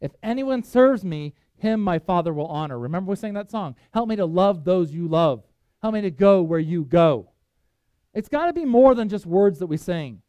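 A man preaching a sermon, reading scripture aloud with emphatic swings in loudness. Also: high voice, lively intonation, moderate pace, clean tone, no room sound. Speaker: pastor.

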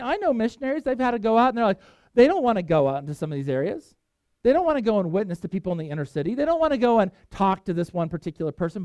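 High-voiced emphatic male preacher. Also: no room sound. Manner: emphatic preaching, reading scripture aloud with swings in loudness. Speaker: pastor. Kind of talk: sermon.

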